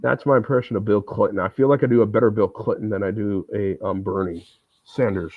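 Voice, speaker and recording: A relaxed male streamer chats casually in a lowish voice while playing. His audio is thin and phone-like, dry with no room sound. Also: a little fast, no echo. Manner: relaxed, chatty, self-deprecating. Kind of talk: casual livestream chat while gaming.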